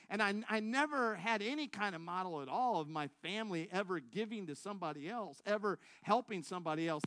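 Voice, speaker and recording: Bright-voiced man preaching a testimony. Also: sits high, dry recording. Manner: storytelling, acts out his own thoughts, audience call-and-response. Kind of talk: sermon testimony. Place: church.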